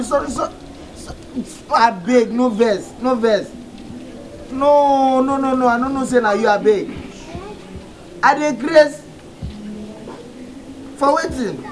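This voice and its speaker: An actor with a Nigerian Pidgin English accent playing a brash talkative young man who is loud, excitable and quick to grovel, in a film. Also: very high voice. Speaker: character in a film. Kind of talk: film acting. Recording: noisy film location sound.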